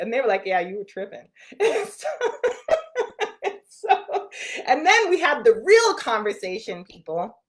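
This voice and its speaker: Lively, laughing woman therapist. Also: fairly low pitch. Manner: animated storytelling, laughs often, shifts between loud and quiet. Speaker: therapist and channel host. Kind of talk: casual talk to camera.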